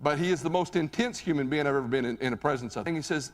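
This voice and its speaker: Animated male speaker in a reverberant hall. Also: a little high, fast talker. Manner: animated, conversational, asks the audience questions. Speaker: motivational keynote speaker. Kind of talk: live motivational speech with storytelling. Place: stage in a large hall.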